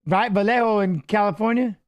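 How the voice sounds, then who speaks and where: A middle-aged man hosting a fight watch-along, chatting casually and coaching the fighters aloud with excited calls. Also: high-pitched, brisk. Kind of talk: casual live fight commentary.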